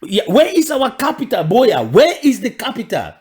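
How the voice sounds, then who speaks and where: A man with a Cameroonian accent delivers a fiery political monologue. His fairly high voice leaps up and drops low from phrase to phrase, and he hammers his questions home through repeats and restarts. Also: wildly swooping pitch, moderate pace, a little mellow. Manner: repeats questions with emphatic restarts and sudden pitch jumps. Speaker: political commentator.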